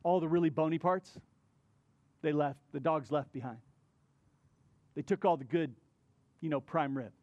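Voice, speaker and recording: A male pastor delivering a sermon in a conversational, animated style, retelling a story with asides to the congregation. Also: fairly high pitch, normal speed, pauses often, no room sound, muffled recording.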